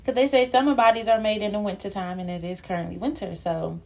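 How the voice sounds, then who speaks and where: A woman's voice: medium pitch, steady tone, quick pace, vocal fry, a little mellow. A young woman hosting her own podcast, chatting casually and a little out of breath, with lots of filler ums. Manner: chatty, loose and playful, many filler ums. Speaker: podcast host. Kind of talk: casual solo podcast chat.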